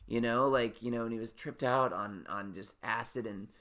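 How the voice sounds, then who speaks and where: A man's voice: mid-range voice, moderate pace, a bit bright. Rambling neurotic male podcast host. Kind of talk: solo comedic rant.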